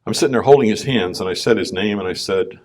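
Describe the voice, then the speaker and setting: Low-voiced man telling a testimony. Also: quick pace. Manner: conversational storytelling, clears throat often. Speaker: business owner speaking at a conference. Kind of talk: personal testimony talk.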